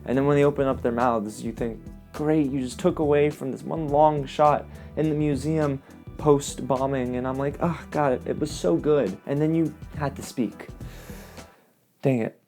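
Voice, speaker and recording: A man giving a casual, expressive movie review as host, often exasperated. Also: medium pitch, moderate pace, soft background music.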